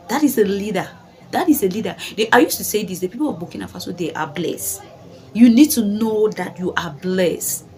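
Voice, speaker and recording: A woman delivering commentary to her online audience in an emphatic, repetitive style. She leans on rhetorical questions and keeps calling her viewers guys. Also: medium pitch. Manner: emphatic, repeats phrases, addresses viewers as guys. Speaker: vlogger. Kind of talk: commentary vlog.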